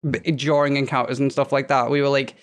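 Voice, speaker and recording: A woman's voice: a bass voice, quick pace. A woman, a podcast guest telling gaming stories in casual chat, swearing freely and acting out quotes. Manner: animated storyteller, swears freely, acts out quotes.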